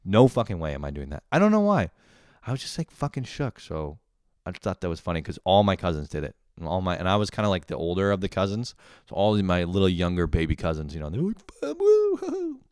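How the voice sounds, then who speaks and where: A man's voice: deep voice, sing-song, fast, a little mellow, smooth, dry recording, clean studio sound. A young man telling a rambling, profane story in a casual monologue, often laughing at himself. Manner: rambling, swears a lot, laughs at his own stories. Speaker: podcast host.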